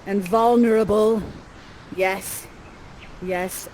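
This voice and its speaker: A woman's voice: medium pitch, measured pace, a little hiss or hum, rough recording. A woman performing interactive live theater, guiding the audience through the scenes in a playful, theatrical, encouraging way.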